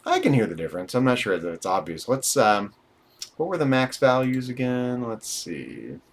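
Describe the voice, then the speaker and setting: Working through a programming book on a live stream, this instructor has a medium-pitched, sing-song delivery at normal speed. He reads passages aloud, then calls out numbers while typing, adding dry remarks as he thinks; typing sounds and a slight hiss or hum sit underneath.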